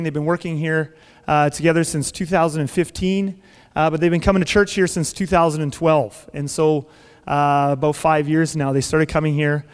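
A man's voice: on the high side, clear, resonant tone. A man pastor introducing a guest speaker in a chatty, joking way, with many fillers, in a large church. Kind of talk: sermon introduction. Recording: long hall reverb.

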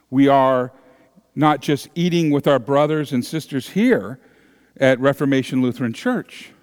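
A male pastor preaching a sermon in an earnest manner, building to animated emphasis. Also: medium pitch. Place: large church sanctuary. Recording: long church reverb.

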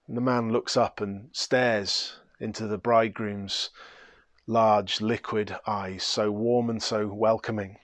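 A man preaching, telling a story dramatically and swinging from hushed to loud. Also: mid-range voice, a little slow, dry recording. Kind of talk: sermon storytelling.

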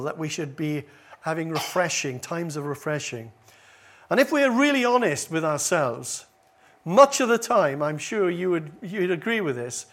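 Slightly high-voiced guy preaching in church, earnest, gets louder on the big lines, little asides. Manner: earnest, swells louder on key phrases. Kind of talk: sermon. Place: church service.

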